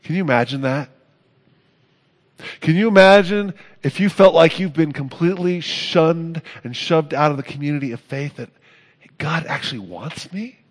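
A man preaching a sermon as pastor, earnest, building to emphatic peaks and then dropping soft. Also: a little high, normal speed.

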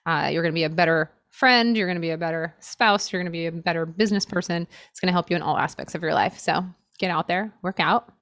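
A woman's voice: on the low side, fast talker, a bit bright, dry recording. Bubbly upbeat woman podcaster. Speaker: podcast co-host. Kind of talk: casual chat.

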